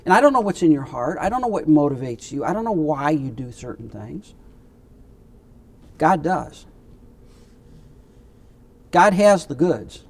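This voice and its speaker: Guy teaching bible study, kinda high voice, emphatic, repeats himself a lot. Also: sing-song, a little slow, long pauses. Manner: emphatic, conversational, repeats points.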